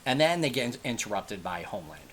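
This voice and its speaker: A man with a lowish voice recaps a TV episode in loose, conversational fashion. He rambles, circles back and corrects himself as he goes. A faint hiss sits under the recording. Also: big pitch swings, fast. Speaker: TV episode reviewer. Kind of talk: casual spoken episode recap.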